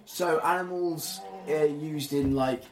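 A man's voice: on the high side, fairly even intonation, takes it slowly. A man chatting casually while watching a film, teasing his friend and sharing trivia, swearing now and then. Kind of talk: casual watch-along chat. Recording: roomy sound with crowd noise.

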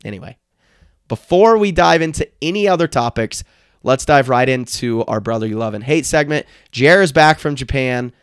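Male podcast host, hoarse and worn-out voice, upbeat sports chat, mid pitch, dry booth sound. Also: moderate pace, no room sound. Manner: excited, energetic delivery. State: hoarse, strained voice.

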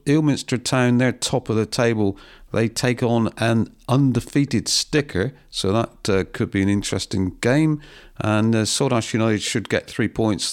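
A man co-hosting a local football show, reading out fixtures in casual chat and padding with ums and uhs. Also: mid-range voice. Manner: hesitant, pads with ums and uhs.

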